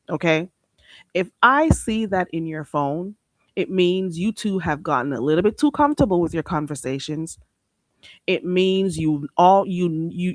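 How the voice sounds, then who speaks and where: A sassy, blunt woman chats casually with her livestream viewers. Her pitch swoops widely as she talks. The sound is dry and close. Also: no echo. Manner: blunt and sassy, with lots of "baby" and "you hear me"; animated, swinging between loud outbursts and laughter. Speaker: livestream host.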